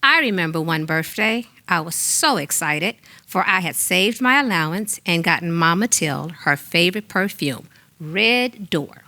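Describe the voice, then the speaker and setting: An older woman reading her own memoir aloud on a small theater stage, measured and heartfelt. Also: on the low side, bright, forceful tone.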